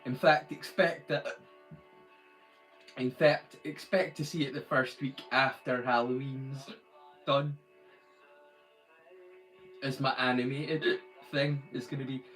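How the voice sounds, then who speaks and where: A man's voice: mid-range voice, fairly even intonation, slow pace, long pauses, a bit bright, soft background music. A man from the UK hosting a live watch-along in a rambling, casual chat, swearing freely. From United Kingdom.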